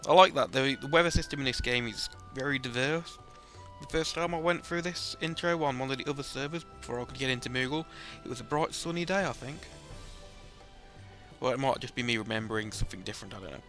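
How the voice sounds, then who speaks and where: A man giving casual, chatty let's-play commentary, self-deprecating and relaxed. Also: mid-range voice, fast talker, faint music behind. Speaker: gameplay commentator.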